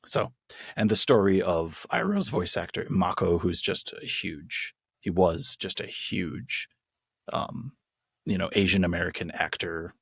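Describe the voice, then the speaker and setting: Husky low-voiced man, chatty. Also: measured pace, dry recording, studio quality. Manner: enthusiastic, rambling with restarts. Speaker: podcast co-host. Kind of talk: casual chat.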